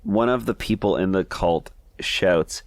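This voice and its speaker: Low-voiced laid-back man, dry sound. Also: unhurried, no echo. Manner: easygoing, hesitant, laughs often. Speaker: podcast co-host. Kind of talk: casual comic review chat.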